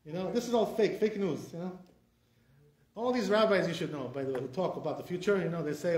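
A man's voice: high voice, quick pace, roomy sound, slight background noise. A man, a rabbi teaching an informal Torah class with conviction and lots of fillers. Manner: animated, repetitive fillers, speaks with conviction.

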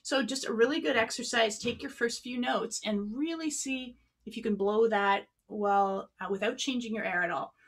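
Clarinet teacher explaining breath technique. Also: female voice, on the high side, normal speed. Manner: friendly, explanatory, demonstrating as she talks. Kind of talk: online workshop lesson. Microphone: a few feet from the mic.

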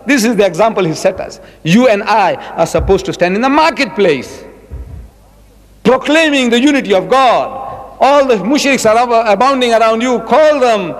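A man from South Africa giving a public religious lecture, dramatic and animated with lots of repetition. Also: very high-pitched, moderate pace, in a large hall. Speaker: Islamic lecturer.

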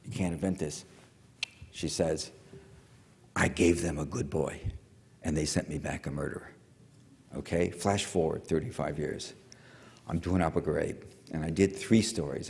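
Older guy with a low voice rambling through a lecture, lots of ums, big echoey hall. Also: dark tone. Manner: rambling, digressive, many fillers and restarts. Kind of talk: public lecture storytelling. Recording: reverberant hall.

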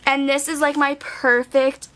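A high-pitched young woman of nineteen talks straight into her camera about what she bought. She is bubbly and gushing, her casual chat full of "like" fillers. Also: little pitch movement, unhurried, a bit bright. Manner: bubbly, chatty, says "like" a lot. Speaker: beauty vlogger. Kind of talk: casual haul video chat. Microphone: camera mic.

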